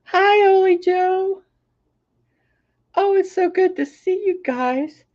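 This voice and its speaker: A woman with a hoarse, recovering voice, chatting casually on a livestream and greeting her viewers by name. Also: extremely high pitch, slow pace, highs cut off. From Florida. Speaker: crafting channel host. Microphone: laptop microphone.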